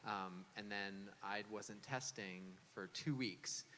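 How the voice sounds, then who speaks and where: A man's voice: on the low side, slow, sharp tone. A man, an actor on a convention panel, telling a rambling casual anecdote full of "you know" and "um". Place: large convention hall panel. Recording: echoey convention hall, faint noise.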